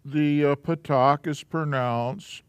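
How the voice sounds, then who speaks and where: A man teaches a live class, taking his time and sounding out each letter patiently. His voice is smooth and clear, sitting a little high for a man, and the sound is dry and close. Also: fairly even intonation, no room sound. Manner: slow, patient, walking through letters step by step. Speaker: Hebrew alphabet teacher.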